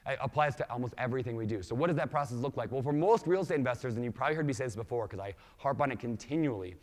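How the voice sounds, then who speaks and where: A man with an accent mixing Minnesota, Washington and Hawaii gives an energetic keynote talk, quizzing the audience with questions. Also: medium pitch, racing. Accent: mixed Minnesota, Washington and Hawaii. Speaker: conference speaker. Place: large conference hall. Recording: reverberant conference hall.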